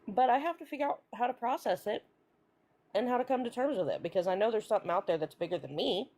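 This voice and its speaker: A woman's voice: on the high side, animated, fast, darkish tone. A woman from the American South, talking through her faith in a reflective, searching way. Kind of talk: casual chat.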